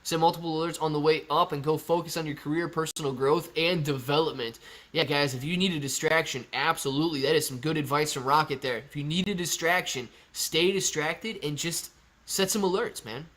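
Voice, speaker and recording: A man's voice: on the high side, fairly even intonation, a little fast, fairly bright tone. A young man hosting a live stream, reading viewer comments aloud and answering in a chatty, laid-back way. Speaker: livestream host reading chat. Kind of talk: casual live stream chat.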